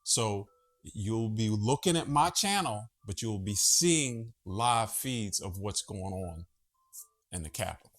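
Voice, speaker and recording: A man's voice: lowish voice, animated, slow, a bit bright. A man hosting a casual monologue vlog from home, chatty, profane and easily sidetracked. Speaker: vlogger host.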